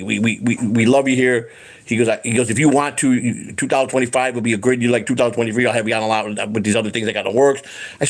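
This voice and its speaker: A man hosting a casual livestream chat, rambling and profane, with lots of restarts, acting out what other people said. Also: medium pitch. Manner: acts out quoted people in his voice. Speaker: host.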